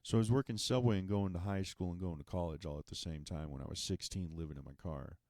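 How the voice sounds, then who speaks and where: A podcast host with a low, darkish voice speaks quickly through a sarcastic, profane, exasperated comedic monologue. The recording is dry, with clean studio sound.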